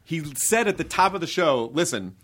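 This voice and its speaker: Chatty podcast host, slightly high voice. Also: male voice, sing-song, moderate pace, fairly bright tone. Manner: musing, chatty. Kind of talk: casual podcast chat.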